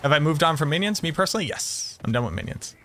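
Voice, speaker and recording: A man with a Boston accent chatting casually on a game stream, telling animated stories and swearing freely. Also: fairly high pitch, fast, slight background noise. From Boston area, USA. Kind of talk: casual live-stream chat.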